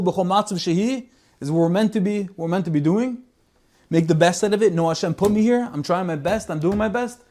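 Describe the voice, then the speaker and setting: A man giving a Torah talk as a lively story, mixing in Hebrew and Yiddish words. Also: high-pitched. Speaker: Torah speaker.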